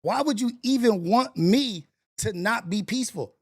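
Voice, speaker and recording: Forty-something male streamer, animated and gravelly, loose casual chat. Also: high-pitched, moderate pace. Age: 40s. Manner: animated, swearing, laughing, exaggerated reactions. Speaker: livestream host.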